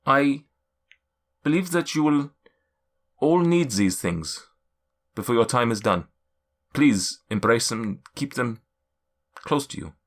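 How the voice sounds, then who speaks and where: A man voicing a friendly male cloud giant in a put-on German accent, speaking slowly and solemnly and asking "yes?" after each point. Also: mid-range voice, expressive. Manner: slow, solemn, ends lines with "yes?". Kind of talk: tabletop game character voice.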